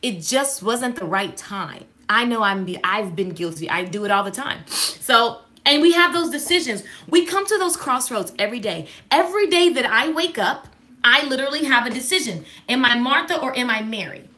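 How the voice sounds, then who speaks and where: A woman giving a casual devotional talk, sassy and animated, calling out to listeners. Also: on the high side, moderate pace. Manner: sassy, animated, call-and-response.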